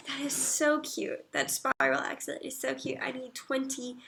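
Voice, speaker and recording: A woman livestreaming, chatting casually, reading viewer comments aloud and murmuring soft asides. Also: high voice, very animated, normal speed, creaky.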